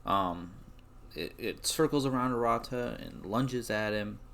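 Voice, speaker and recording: A man's voice: mid-range voice, unhurried, creaky, a bit bright, a little hiss or hum. A man narrating a tabletop game as game master, hesitant and full of fillers.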